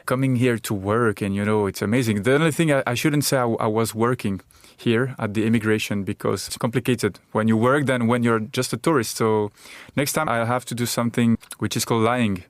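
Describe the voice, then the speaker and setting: A man's voice: medium pitch, fairly quick, hardly any pauses, dry recording. A middle-aged man from France with a French accent, a comedian chatting in an interview, hesitant and repeating words as he jokes. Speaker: comedian guest. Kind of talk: casual interview chat. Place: radio studio.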